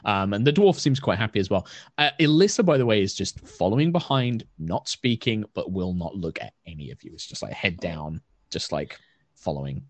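Husky-voiced man running a tabletop game. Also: on the low side, expressive, dry recording. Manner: halting narration with many fillers. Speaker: game master.

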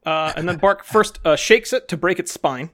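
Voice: mid-range voice, moderate pace. A tabletop player eagerly describing their character's actions. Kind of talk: casual tabletop play.

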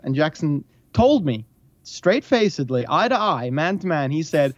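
A man's voice: on the high side, big pitch swings, measured pace, no room sound. Australian man on a dull, dry call. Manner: joking, self-deprecating about his accents. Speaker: podcast guest, dungeon master. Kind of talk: casual chat.

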